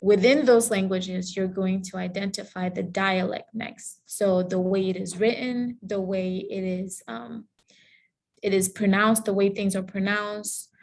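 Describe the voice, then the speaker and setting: Speaking at medium pitch with a darkish tone, a woman from Cameroon delivers an online lecture on a video call and fields audience questions. As the guest lecturer, she explains in a friendly manner, with occasional fillers and self-corrections.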